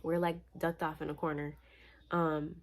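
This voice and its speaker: This young adult vlogger from Florida has a fairly low voice and recounts a personal story at normal speed, storytime-style. She comes across as lively, slangy, chatty, and a touch weary.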